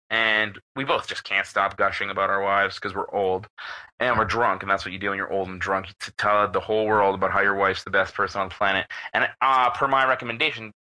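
Middle-aged podcast dude swearing and laughing thru a party story, super bright punchy voice. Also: male voice, lowish voice, rough recording. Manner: animated, profane, laughs while telling stories. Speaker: podcast co-host. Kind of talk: casual storytelling chat.

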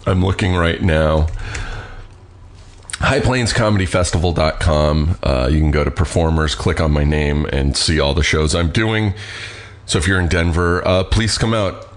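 A man's voice: low-pitched, moderate pace. A middle-aged man hosting a podcast, rambling in a laid-back way with some swearing. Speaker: podcast host. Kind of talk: casual chat.

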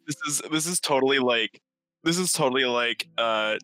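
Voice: medium pitch, moderate pace, sharp tone, rough recording. A tabletop player speaking in an easygoing, reassuring way. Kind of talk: tabletop game role-play. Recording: faint background music.

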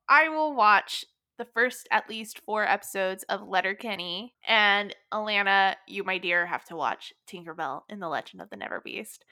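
A woman co-hosting a podcast in casual chat, animated and giggly, swearing freely and filling her talk with "like". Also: medium pitch, moderate pace, few pauses, no room sound, clean studio sound. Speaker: podcast co-host.

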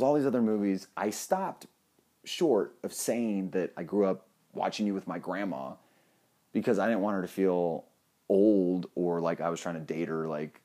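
A young man tells a funny anecdote straight to his audience, joking and cursing casually as he goes. His voice is low and mellow, yet it bounces around a lot as he hams up the story. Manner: animated, joking, swears casually.

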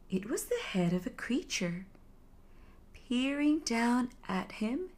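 A woman narrating a folktale as a soothing bedtime story, soft and hushed, at times slipping into a whisper. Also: mid-range voice.

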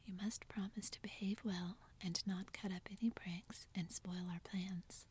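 A woman's voice: mid-range voice, fairly even intonation, unhurried, a little mellow, slightly rough. Woman whispering a blunt scolding tomboy, whispered role-play.

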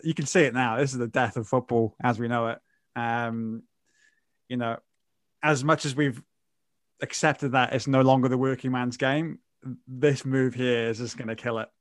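A man's voice: medium pitch, dry recording, studio quality. A man co-hosting a casual podcast, speaking earnestly and often calling his friend mate. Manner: earnest, keeps saying mate. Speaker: podcast co-host.

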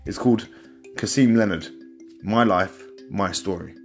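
Low-voiced rambling podcast host. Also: male voice, unhurried, soft background music. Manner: loose, rambling, self-correcting. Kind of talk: podcast intro.

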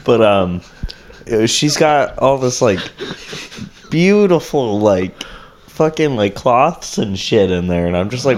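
A man telling an anecdote in casual chat, animated and swearing freely. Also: on the low side, measured pace.

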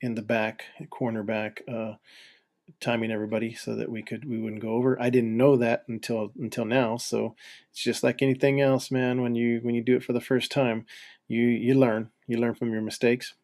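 A man hosting a casual solo podcast, talking haltingly with lots of fillers and restarts. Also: medium pitch, little pitch movement, darkish tone. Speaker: podcast host.

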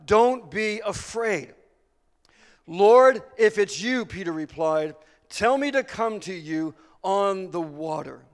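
A man with a very high voice preaches a sermon, slowing down to stress key points and then building to real fervor. His words ring out with a long reverb, as in a church sanctuary. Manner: earnest preaching, slowing for emphasis, rising to fervor. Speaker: pastor.

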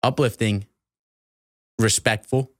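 A man's voice: fairly low pitch, steady tone, takes it slowly, no room sound, studio quality. A man who is a podcast guest in casual chat, laid-back and rambling with plenty of filler words.

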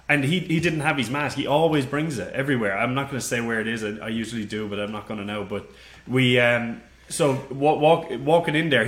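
A man co-hosting a podcast, telling stories in casual, profane chat and jumping high when he mimics people. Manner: animated storytelling, jumps high for quoted voices. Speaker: podcast co-host. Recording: roomy echo.

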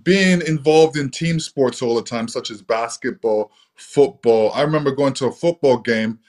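A man from England, a guest in an interview, telling stories from his youth in a relaxed, easygoing way with lots of "you know.". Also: mid-range voice, normal speed. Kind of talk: relaxed storytelling.

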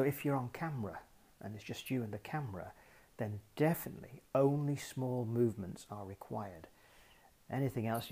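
Male presenter with a gravelly, husky voice and a lively pitch; measured, explanatory teaching style. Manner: explanatory, measured, asks and answers own questions. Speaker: host. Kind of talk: instructional talk on public speaking.

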